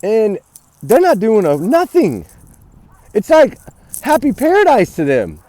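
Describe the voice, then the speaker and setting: A man rants heatedly into his phone on a cold morning outdoors. His voice sits high and swings widely, with a dark, mellow tone. He rambles, swears, and breaks off to shout commands at his dog. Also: very animated, normal speed. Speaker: vlogger. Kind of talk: angry ranting vlog.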